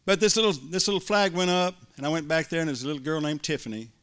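Middle-aged male pastor, folksy sermon storyteller, bright forceful tone, slightly high voice. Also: fast, clear, resonant tone. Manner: folksy, building to excited shouts.

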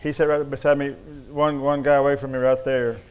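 Folksy preacher with a smooth voice. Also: male voice, medium pitch, level tone, a little fast, darkish tone. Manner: folksy storytelling with humor and Southern address. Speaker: pastor. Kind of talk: sermon.

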